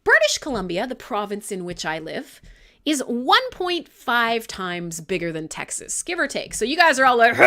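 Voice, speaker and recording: Woman host from Canada, high and bright voice, animated, loose swearing live-show chat. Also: moderate pace. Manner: swearing, laughing, joking.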